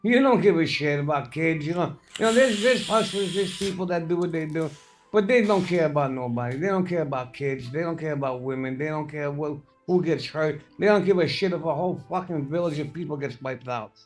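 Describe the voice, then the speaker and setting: High-voiced, profane man chatting. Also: a little fast, faint music behind. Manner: profane, laughing storyteller. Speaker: podcast host. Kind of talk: casual livestream chat.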